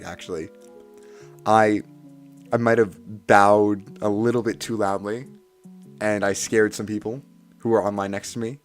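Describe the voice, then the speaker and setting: A man telling a story to his stream in a casual, excitable way, swinging from hushed asides to loud, theatrical bursts and repeating lines for effect. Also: fairly low pitch. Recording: faint music behind the voice.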